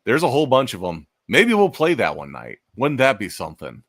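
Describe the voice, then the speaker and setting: A man hosting a casual livestream chat, talking in a relaxed, chatty way with trailing fillers. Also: medium pitch, a little fast, no room sound, clean studio sound. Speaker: podcast host.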